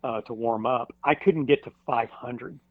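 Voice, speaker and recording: Man, podcast guest, halting storytelling, middle pitch, slightly dull dry recording. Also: no room sound. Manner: halting, with many fillers and restarts. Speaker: firefighter. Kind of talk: storytelling in a casual interview.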